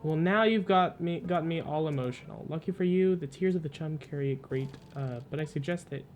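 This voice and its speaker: A man voicing a gentle, motherly female queen of desert creatures, speaking graciously and formally over soft game music. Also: on the high side, a little fast, slight background noise, natural voice. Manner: gracious, cooing, slightly formal.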